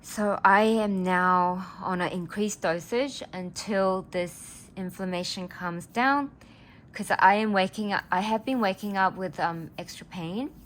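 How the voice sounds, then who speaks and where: A woman's voice: medium pitch, unhurried, fairly bright tone. A woman, telling a personal story in a casual vlog, earnest and rambling as she gets emotional. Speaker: vlogger.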